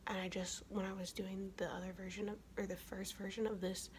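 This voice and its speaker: A woman's voice: medium pitch, flat delivery, fairly quick, slight background noise. A young woman who is sick, talking in a whispered ASMR get-ready-with-me chat, casual and profane. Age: young adult. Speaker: ASMR vlogger.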